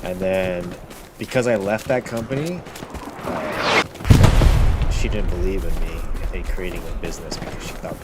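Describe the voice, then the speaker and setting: A man's voice: deep voice, a little slow, over loud music. A man boasting and swearing in casual commentary over a shooter game, brash and bragging. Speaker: gaming streamer. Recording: loud game gunfire behind voice. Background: loud gunfire and artillery from the game.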